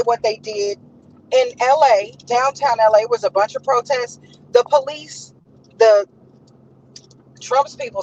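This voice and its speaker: A woman's voice: sits high, a little mellow, dry recording, highs cut off. A woman from Los hosting a casual commentary show, talking in an emphatic, indignant way. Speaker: host.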